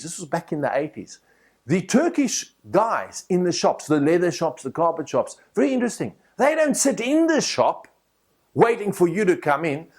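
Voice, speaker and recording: Animated South African man teaching speaking. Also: fairly high pitch. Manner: animated storytelling, direct and confiding. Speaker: motivational speaker. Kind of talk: speaking course lecture.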